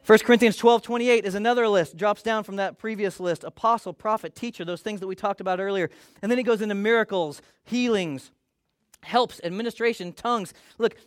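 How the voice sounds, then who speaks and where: A middle-aged man preaching a sermon as pastor, conversational and animated, acting out little quotes. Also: high-pitched, no room sound, studio quality.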